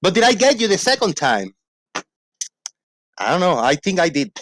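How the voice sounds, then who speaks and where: A man hosting a casual livestream, rambling playfully and reading out shout-outs to viewers. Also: high voice, sing-song, moderate pace, slight background noise. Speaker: livestream host. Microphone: desk microphone.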